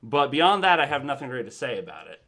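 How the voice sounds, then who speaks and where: A man's voice: mid-range voice, sing-song, fast talker, creaky, sharp tone. A man hosting a live stream in a casual, rambling chat, often chuckling and correcting himself.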